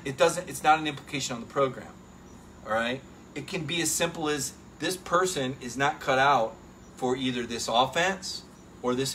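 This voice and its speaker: Man, middle-aged, sports talk host, casual commentary, emphatic, forceful bright tone. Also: a little high, a little hiss or hum. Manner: animated, emphatic, with frequent "right?" asides to listeners. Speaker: sports reporter and show host.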